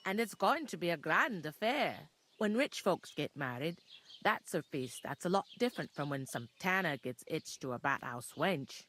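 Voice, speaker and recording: A woman's voice: sits low, very animated, normal speed, a bit bright. An actress playing a blunt, bossy common village woman in a video game, with an English regional accent. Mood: gossiping. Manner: gruff, plain-spoken, bossy. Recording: game audio with faint noise.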